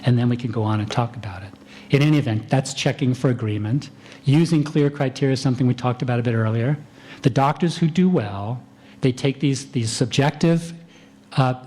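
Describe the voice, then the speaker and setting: A man, a physician, giving a conference lecture in a calm, conversational manner, acting out doctor-patient exchanges. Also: mid-range voice. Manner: calm, unhurried delivery.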